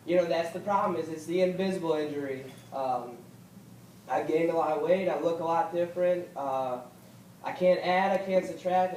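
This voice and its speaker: Young male veteran speaker, fairly high voice, halting and earnest, picked up from across an echoey hall with faint noise. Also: darkish tone, recorded from a distance. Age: young adult. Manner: halting, earnest, repeats himself, rises when upset. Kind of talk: personal speech at a political event. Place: event hall.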